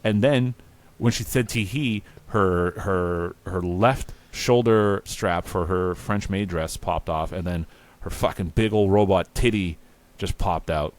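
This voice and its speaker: A man's voice: sits low, unhurried. A man hosting a podcast, improvising a crude comic story in a rambling, profane way and laughing at his own jokes. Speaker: podcast host. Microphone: remote recording.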